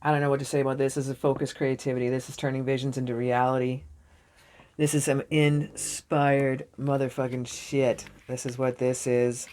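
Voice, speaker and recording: A young adult woman doing a casual tarot reading, jokey and excitable, swearing freely as she spins a story. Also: rumbling low, normal speed. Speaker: tarot reader.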